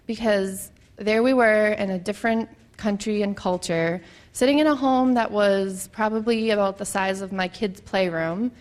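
Woman in her 30s giving an earnest, reflective testimony, mid-pitched, with lots of ums. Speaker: church mission trip member. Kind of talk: personal testimony.

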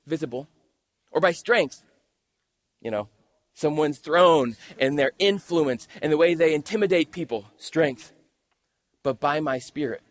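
A man with a high-pitched voice gives a sermon at a church service. He reads scripture aloud and then unpacks it step by step, talking to the congregation in a relaxed, conversational way. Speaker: pastor.

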